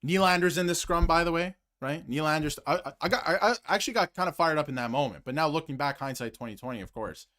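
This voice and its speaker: A man's voice: a little high, fast talker, hardly any pauses, sharp tone. A man hosting a sports commentary stream, ranting heatedly about his team, repeating phrases for emphasis and dropping to muttered asides. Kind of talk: fired-up solo hockey rant to camera, reading super chats.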